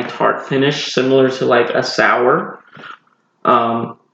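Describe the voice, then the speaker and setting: A man's voice: mid-range voice, creaky. A man from North Carolina co-hosting a podcast, chatting casually and explaining beers at length with a laid-back, digressive manner. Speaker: podcast co-host. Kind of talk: casual podcast chat with beer reviewing. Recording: roomy, dull lo-fi sound.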